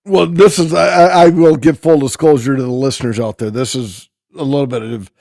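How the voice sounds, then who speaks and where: A man's voice: mid-range voice, fairly even intonation, brisk, darkish tone, no echo. A man co-hosting a sports podcast, blunt and profane, cracking wise in casual chat. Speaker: podcast co-host.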